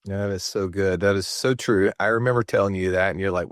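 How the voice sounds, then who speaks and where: A man's voice: on the low side, fast, few pauses, dry recording, clean studio sound. A man with a Montgomery, Alabama accent, hosting a podcast about money and speaking emphatically and rhetorically. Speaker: podcast host. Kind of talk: podcast talk on finance.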